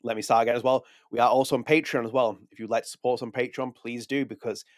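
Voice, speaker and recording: A man's voice: medium pitch, fairly even intonation, fast, no room sound, clean studio sound. A man hosting a podcast, talking casually, correcting himself and reading press text aloud. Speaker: podcast host.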